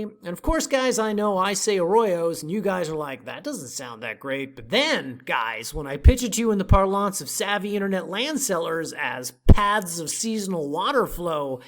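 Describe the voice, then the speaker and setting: Lively jokey woman pitching land. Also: fairly quick, hardly any pauses. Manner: playful, jokey, emphatic. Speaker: land sales company host. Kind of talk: scripted promotional voice-over.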